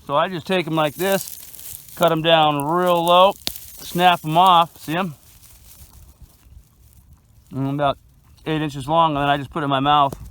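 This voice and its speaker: A man's voice: a little high, steady tone, measured pace, long pauses, fairly bright tone, smooth, rough recording. Laid-back man touring his garden outdoors. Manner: laid-back and chatty, calls viewers man and dude. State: chewing food at times. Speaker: hobby farmer giving a garden tour. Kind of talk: casual walking video tour.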